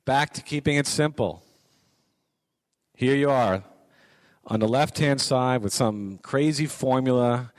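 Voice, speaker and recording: A man's voice: medium pitch, slow pace, long pauses, dry recording. Middle-aged guy lecturing college kids, chatty, repeats himself, dry close sound. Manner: conversational, repeats points for emphasis. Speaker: guest speaker on business writing.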